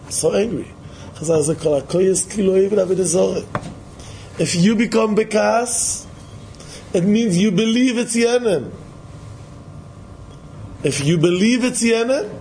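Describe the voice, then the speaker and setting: Man, Torah lecture, animated, rather high voice, faint background hum. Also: creaky, low-quality recording. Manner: animated, repetitive, sing-song emphasis, mixes Hebrew and Yiddish terms. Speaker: Torah teacher. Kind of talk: Yiddish-inflected Torah lecture.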